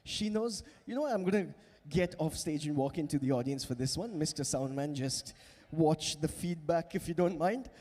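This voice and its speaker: A man's voice: fairly high pitch, lively intonation, moderate pace, hardly any pauses, a little mellow. A man beatboxing on stage, teaching and coaxing the audience with lots of energy. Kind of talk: live stage crowd work. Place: large event hall with audience. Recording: long hall reverb.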